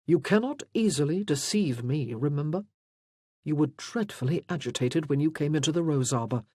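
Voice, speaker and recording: A man voicing a loyal, protective gentleman friend in an audiobook, speaking warmly and earnestly. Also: fairly high pitch, expressive, moderate pace, slightly rough, dry recording, clean studio sound. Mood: concerned. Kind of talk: audiobook character voice.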